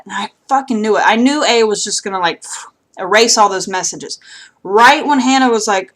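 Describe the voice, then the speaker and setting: A woman's voice: on the high side, expressive, moderate pace, a bit bright. A young woman casually recapping a TV episode outdoors, rambling and swearing, with lots of fillers. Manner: chatty, profane, rambling with many fillers. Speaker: TV recap vlogger.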